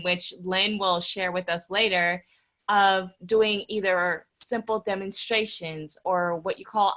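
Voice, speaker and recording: A woman's voice: medium pitch, bright, forceful tone. A woman hosting a live stream workshop, upbeat and talking straight to her viewers. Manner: upbeat, addresses viewers as guys. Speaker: workshop host.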